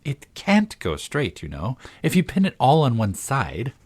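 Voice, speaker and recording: A man's voice: medium pitch, wildly swooping pitch, measured pace, darkish tone, husky, heavily acted. A man voicing a curious, polite young girl in a storybook reading, raising his voice to sound earnest and inquisitive.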